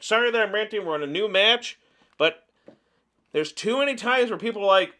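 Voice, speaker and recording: A man giving live commentary over his own card game match, chatting through each move out loud. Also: high-pitched, expressive, a little fast. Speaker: card game video creator.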